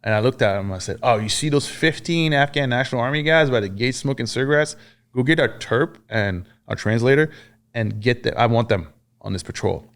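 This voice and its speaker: A man's voice: medium pitch, fairly quick, fairly bright tone. A man from France, a podcast guest and army veteran, telling war stories in casual conversation, cursing freely and acting out what others said. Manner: profane, acts out quoted dialogue.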